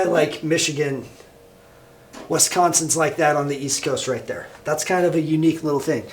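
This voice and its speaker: A high-voiced man with a Midwestern American accent talks a class through his slides. His delivery is loose and casual, with plenty of fillers and restarts, like a high school teacher recording a lecture.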